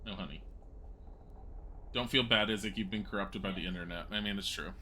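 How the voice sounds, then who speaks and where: A man's voice: on the low side, a little fast, long pauses, pushed and bright, a little hiss or hum. A man streaming a game, reading documents aloud with asides and small stumbles. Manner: reads long passages aloud, with asides and stumbles.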